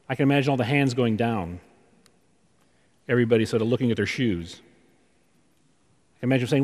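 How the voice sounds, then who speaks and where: A man preaching a conversational sermon, full of rhetorical questions and pauses, in a church sanctuary. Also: mid-range voice, expressive, darkish tone. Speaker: pastor. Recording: long reverb of a large hall.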